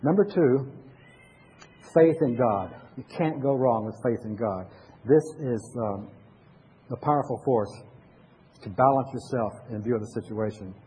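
A man's voice: mid-range voice, dark tone, breathy edge, low-quality recording. Older male pastor preaching conversationally. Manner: conversational preaching with pauses and restarts. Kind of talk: sermon.

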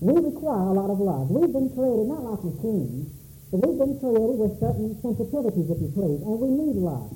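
A man preaching a sermon, his voice high for a man yet dark and mellow, swinging widely up and down as he calls out questions. The church room rings with echo. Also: sing-song, moderate pace, faint music behind. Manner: dramatic preaching, calling out questions. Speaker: pastor.

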